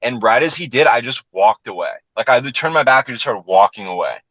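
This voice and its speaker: A man telling profane, animated stories in casual chat as a comedian guest on a podcast, acting out the people he quotes. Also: medium pitch, fairly quick, no room sound, muffled recording.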